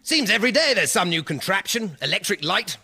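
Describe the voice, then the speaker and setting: Blustering old army major, high lively voice, noisy, radio sketch. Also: male voice, a little fast, gravelly, exaggerated voice.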